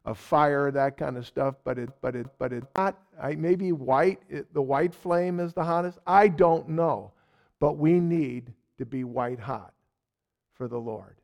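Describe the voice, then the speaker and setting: A man teaching a verse-by-verse sermon in a folksy way, with loud stresses and soft asides, repeating words as he searches. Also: on the high side, measured pace. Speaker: Bible teacher.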